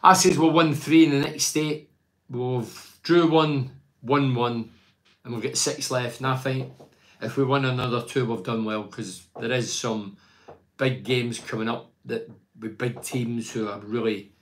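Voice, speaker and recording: A man's voice: medium pitch, fairly bright tone. An older man talks football in a loose, chatty way, giving blunt verdicts and wandering off on tangents. He reads fan messages aloud and answers them in his own plain, opinionated voice. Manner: blunt and opinionated, rambling with restarts. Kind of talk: casual fan chat.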